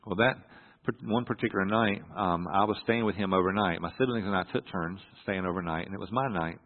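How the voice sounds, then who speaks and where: A middle-aged man telling a personal story from the pulpit, halting and earnest with many restarts. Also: low voice. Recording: echoey hall through a phone-like line.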